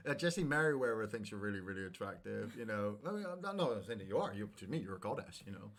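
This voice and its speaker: A man streaming a video game and chatting casually, rambling and breaking into sudden excited shouts at the game. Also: on the low side, quick pace. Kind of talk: casual chat while gaming.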